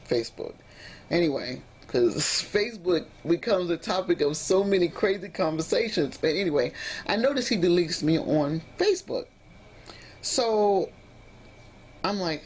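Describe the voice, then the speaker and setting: A woman's voice: sits low, moderate pace, darkish tone, slight background noise. Emotional woman telling a rambling story. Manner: emotional, rambling, frequent restarts. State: emotionally upset. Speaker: vlogger.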